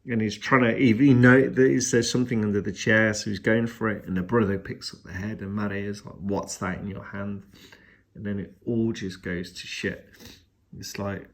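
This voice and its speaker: A man's voice: on the low side, steady tone, moderate pace. A man and father giving a casual, rambling film review, retelling the plot with many restarts and fillers.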